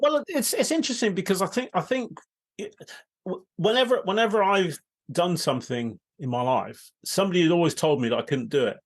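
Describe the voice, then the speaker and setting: Male host, higher pitch, very animated, laughing anecdote teller. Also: fairly quick. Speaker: interviewer, host. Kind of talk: casual conversational storytelling.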